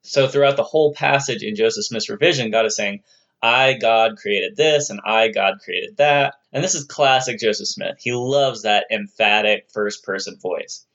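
At a moderate pace, a man with a fairly low, slightly bright voice walks listeners through religious texts in a chatty lecture. He sometimes adds playful asides and voices the people he quotes in a playful way, though the audio is muffled.

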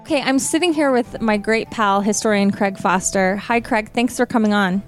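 A woman's voice: medium pitch, normal speed, faint music behind. A woman hosting a podcast, introducing her guest and asking questions in an eager, conversational way. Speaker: podcast host. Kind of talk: podcast interview.

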